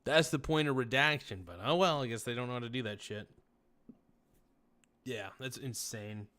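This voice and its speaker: A man's voice: medium pitch, normal speed, bright, forceful tone. Tired male streamer, casual rambling talk-show host, medium voice. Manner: rambling, tired and laid-back, says "man" a lot. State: tired, yawning. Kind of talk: casual late-night stream chat reading viewer messages.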